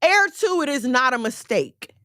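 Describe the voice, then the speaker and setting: A woman preaching straight to her listeners, lively and direct, dropping slang between points about faith. Her voice sits a little high and sounds close and dry, with no room around it. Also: normal speed, no echo. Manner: animated, direct, uses slang. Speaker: faith teacher. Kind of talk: conversational sermon.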